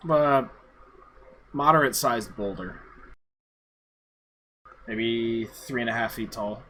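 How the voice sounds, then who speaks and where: A man running a tabletop game as dungeon master, narrating in a relaxed, halting way with fillers. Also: medium pitch, poor audio.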